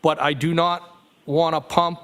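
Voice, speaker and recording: A man's voice: on the high side, smooth. Man reading testimony aloud in court. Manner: flat, measured reading with small self-corrections. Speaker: witness.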